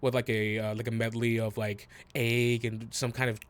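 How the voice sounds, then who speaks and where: A man's voice: medium pitch, little pitch movement, normal speed. A man narrating a tabletop role-playing game as game master, rambling and hesitant with many fillers.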